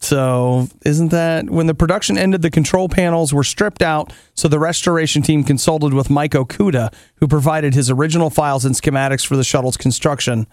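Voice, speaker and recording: A man co-hosting a casual radio chat show, teasing his co-host with dry, deadpan humor. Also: on the high side, brisk, hardly any pauses, no echo.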